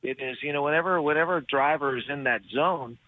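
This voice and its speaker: A race driver calling in to a radio show, talking with lots of energy and stumbling through many fillers and restarts. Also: male voice, a little high, fast talker. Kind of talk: phone interview. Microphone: phone. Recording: narrow phone line.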